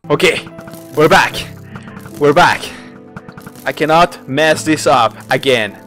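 A gaming host giving dramatic, excitable let's play commentary, yelping and groaning at each failure. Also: mid-range voice, takes it slowly, faint music behind.

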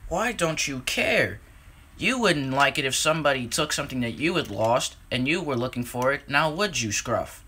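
A man's voice: mid-range voice, expressive, normal speed, pushed and bright, husky, voice pushed down. A man voicing an earnest, determined male tank engine who talks with urgent insistence in a storybook reading. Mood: reproachful.

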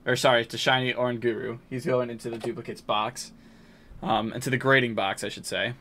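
A man's voice: mid-range voice, little pitch movement, a little fast, pushed and bright, slight background noise. A man streaming himself opening card packs, chatting casually, hyping big pulls, joking with viewers, and mumbling while he sorts cards. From New England. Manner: chatty, hypes pulls, jokes with chat. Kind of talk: casual live-stream chat.

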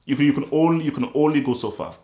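A man's voice: on the high side, rapid-fire, mellow, dull audio. A man giving a casual, rambling film review, repeating himself and stating blunt opinions. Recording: roomy echo.

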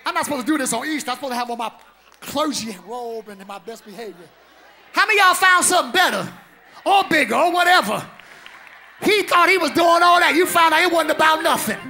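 A man pastor preaching an Easter sermon live in a church on a handheld mic, exuberant and shouting, laughing and trading call-and-response with the congregation. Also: extremely high pitch, lively intonation, quick pace. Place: church sanctuary. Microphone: handheld microphone.

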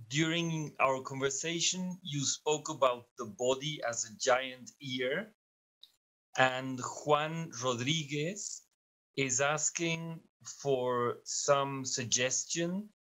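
A man moderating an online talk, reading out audience questions carefully and deliberately. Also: medium pitch, fairly bright tone, rough recording. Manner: slow, careful, measured delivery.

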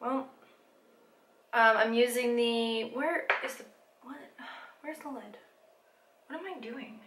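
Slow-talking woman vlogger in an echoey room. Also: on the high side, a bit bright, slight background noise. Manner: rambling, self-deprecating, talks to herself while working. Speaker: beauty vlogger. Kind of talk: casual makeup tutorial chat.

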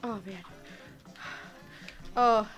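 A woman in her early twenties streaming a game, excitable and a bit tipsy, exclaiming, swearing and laughing as she plays. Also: mid-range voice, very slow, over music. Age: early 20s. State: tipsy from taking shots. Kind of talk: casual gameplay livestream.

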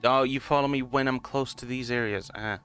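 A man's voice: medium pitch, steady tone, fairly quick, fairly bright tone, clear, resonant tone, faint music behind. A man casually commenting on a game as he plays, rambling and chuckling at himself. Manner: rambling, self-mocking, laughs often. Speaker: gaming channel host. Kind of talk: casual let's play commentary.

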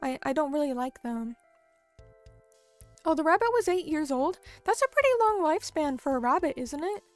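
A young American woman streamer with a high, expressive voice chats casually with viewers at normal speed, faint music behind her. She talks loosely with lots of fillers while reading and answering chat.

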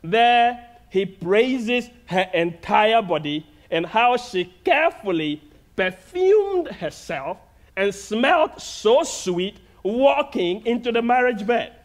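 Slow earnest Ghanaian-accented preacher man. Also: high voice, animated. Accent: Ghanaian English. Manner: slow, deliberate, earnest preaching with long pauses. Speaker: guest preacher. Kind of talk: sermon. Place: church sanctuary.

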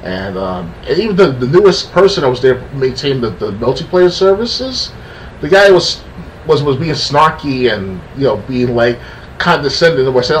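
A man's voice: mid-range voice, very animated, normal speed. A man ranting on a casual podcast, frustrated and rambling, stumbling and restarting often. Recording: distant mic with faint background noise.

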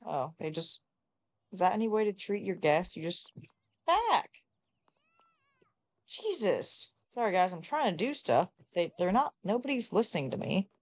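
Exasperated woman with a lively pitch. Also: a little fast. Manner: exasperated, swears often, talks to the characters. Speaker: gamer. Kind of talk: casual gameplay commentary.

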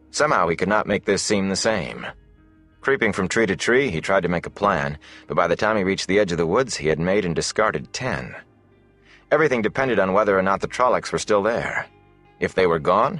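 Male fantasy audiobook narrator, very deep voice, measured and steady, faint music underneath.

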